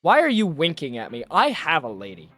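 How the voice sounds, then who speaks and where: A man's voice: fairly high pitch, huge pitch swings, brisk, fairly bright tone, no room sound, exaggerated voice. A man voicing a cheery middle-aged mother leaving a voicemail, bubbly and gushing in a put-on accent.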